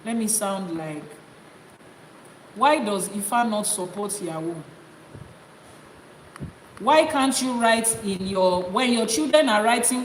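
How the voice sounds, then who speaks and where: A woman's voice: mid-range voice, lively intonation, slow pace, pauses often. A Nigerian woman with a Yoruba accent gives a live-streamed Ifa teaching, scolding her viewers in a forthright way. She moves between English and Yoruba as she answers their comments. Her voice rings in a roomy space with a long reverb tail and a faint hiss of noise behind it.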